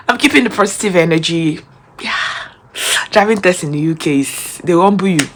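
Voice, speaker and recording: Woman, young adult, casual vlog, chatty, speaks to viewers, somewhat low pitch. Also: expressive, normal speed, sharp tone, a little hiss or hum. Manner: chatty, addresses viewers directly. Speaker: vlogger. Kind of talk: casual vlog talk to camera.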